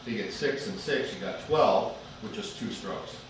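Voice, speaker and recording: A man's voice: fairly low pitch, moderate pace. A man teaching a music class, explaining step by step and chanting rhythm syllables to his students. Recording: echoey classroom, far from the mic, loud noise.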